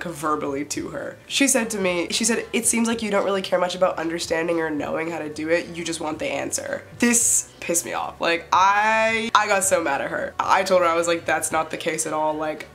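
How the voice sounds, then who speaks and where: A young woman vlogger telling a casual story, chatty and full of fillers, acting out the lines she quotes. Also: lowish voice. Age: young adult. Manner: chatty, filler-heavy, animated retelling with quoted dialogue. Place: her bed, for a short add-on.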